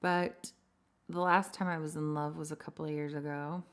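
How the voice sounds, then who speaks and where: Woman songwriter hosting her own stream, lowish voice, greets fans by name, self-deprecating. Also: level tone, moderate pace, clear, resonant tone. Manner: rambling and chatty, greets viewers by name; self-deprecating, laughs at herself. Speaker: singer-songwriter hosting a livestream. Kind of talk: casual livestream chat with viewers.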